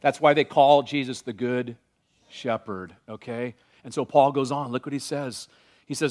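A man preaching a sermon as pastor, animated and varied, slowing down when he reads scripture aloud. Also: medium pitch.

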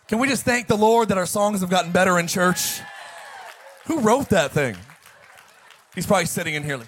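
A man's voice: sits high, lively intonation, moderate pace, long pauses, a faint crowd, a little hiss or hum. A man preaching a sermon as pastor, joking with the congregation and reading scripture with emphasis.

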